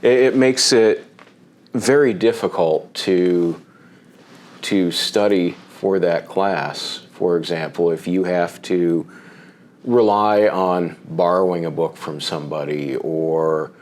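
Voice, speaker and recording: A man in his forties hosting a college talk show, talking slowly and reflectively with many restarts. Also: deep voice, a little mellow. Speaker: host. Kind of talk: casual discussion.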